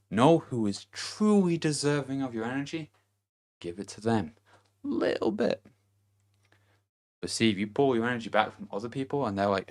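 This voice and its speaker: A young man giving a blunt, profane self-help monologue, laughing to himself and swinging between loud emphasis and low murmurs. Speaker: vlogger.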